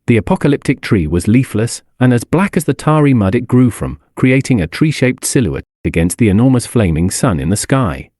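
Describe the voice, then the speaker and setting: A man narrating a fantasy audiobook in a wry, expressive storytelling manner. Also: mid-range voice, fairly quick, hardly any pauses, no echo, clean studio sound.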